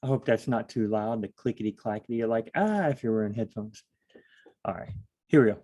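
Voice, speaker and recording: A man's voice: on the low side, fairly even intonation, brisk, dark tone. A man leading a casual solo Bible study, thinking aloud in a rambling, self-deprecating way.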